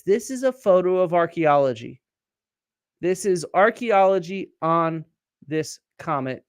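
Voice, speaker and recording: A middle-aged man hosts a live-stream science chat, explaining things step by step and quizzing his viewers. His voice sits high and sounds smooth and resonant, with plenty of fillers and restarts. It is recorded dry and close to the mic. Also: no room sound. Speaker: archaeologist and show host.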